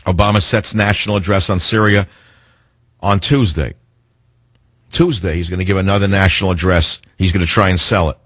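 A man's voice: low-pitched, brisk, a bit bright, breathy edge, dry recording. A man hosting a political talk radio show, combative and sarcastic, firing off rhetorical questions.

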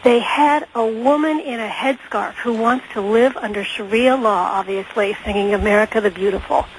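A woman calling in to a radio talk show, talking in a rushed, agitated way and stumbling over her words. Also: fairly high pitch. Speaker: caller. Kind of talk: phoned-in call to talk radio. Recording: hissy phone line on radio.

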